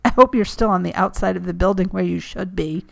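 A woman reading the lines of a male FBI agent trapped in a collapsed building, who sounds hoarse, breathless and wryly understated. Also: lowish voice, steady tone, fairly quick.

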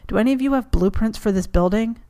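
A woman reading the lines of a male FBI agent trapped in a collapsed building, who sounds hoarse, breathless and wryly understated. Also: fairly high pitch, fast talker, warm tone, pitched above the performer's own voice, close to an everyday voice.

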